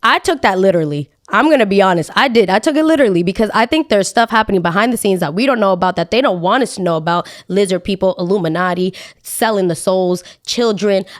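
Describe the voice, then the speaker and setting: A young woman hosting a podcast, talking casually in an animated, dramatic and exasperated way. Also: medium pitch. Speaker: podcast host. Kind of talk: casual opinion monologue.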